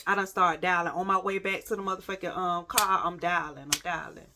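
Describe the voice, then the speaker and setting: A woman vlogger telling a story to her viewers in a casual, profane, animated way, repeating phrases for emphasis. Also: lowish voice, noisy background. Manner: addresses listeners directly, dramatic pauses.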